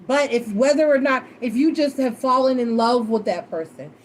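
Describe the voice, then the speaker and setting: A woman tarot reader telling a personal story in casual chat, animated and emotional, swearing freely. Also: fairly high pitch, moderate pace.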